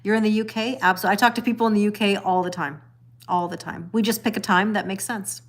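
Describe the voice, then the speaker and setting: Speaking fast in a medium pitch with fairly even intonation, this middle-aged woman hosts a laid-back tarot livestream. Viewer comments get read aloud as she chats, laughs frequently, and repeats herself.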